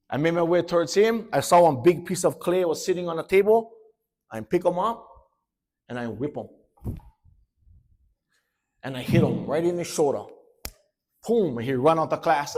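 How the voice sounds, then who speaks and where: A man from Hawaii with a Hawaiian Pidgin accent, a speaker telling a story to students in an animated, laughing way, slipping into character voices. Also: a little high, unhurried, pauses often. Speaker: motivational speaker.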